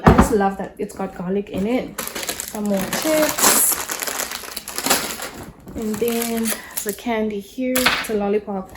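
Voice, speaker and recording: A woman's voice: medium pitch, very noisy. A woman, a mother, chatting casually at home as she shows a grocery haul, rambling with many fillers and restarts. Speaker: mother and lifestyle vlogger.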